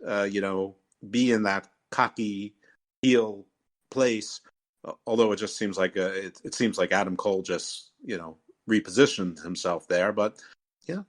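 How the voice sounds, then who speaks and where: Fairly bright in tone but pitched on the low side, a man hosts a laid-back wrestling podcast. His talk wanders, packed with fillers and restarts.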